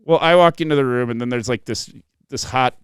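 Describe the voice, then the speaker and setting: A man's voice: medium pitch, fairly quick, clear, resonant tone, no echo, clean studio sound. A man on a podcast telling a long story in casual, profane chat, acting out the people in it. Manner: animated, profane, acts out quoted voices. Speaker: podcast host.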